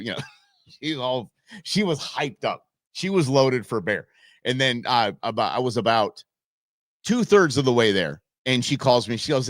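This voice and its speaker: The recording is dry and studio-clean, and the man speaks in a mid-range voice at a moderate pace. He's hosting a live show, casually spinning a meandering neighborhood yarn full of folksy expressions, drawing on a childhood in Southern California and Arizona.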